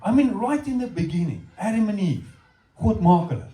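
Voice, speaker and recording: A middle-aged man with a South African accent preaches a sermon, telling stories and talking straight to his congregation. His voice is a touch high and swoops up and down with lively energy. He sounds far from the mic in a roomy, echoing church hall. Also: a little fast. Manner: animated storytelling, addressing the congregation directly.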